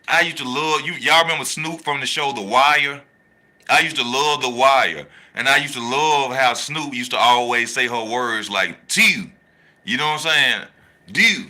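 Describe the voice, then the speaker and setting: Bright-voiced man hyping a fight. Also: medium pitch. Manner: animated, slangy, repeats his points for emphasis. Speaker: boxing channel host. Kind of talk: casual boxing talk, reading live chat.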